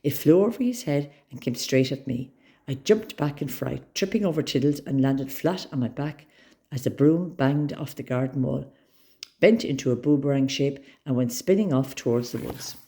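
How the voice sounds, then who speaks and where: A woman reading a children's story aloud with expressive, dramatic storytelling. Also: very deep voice, moderate pace.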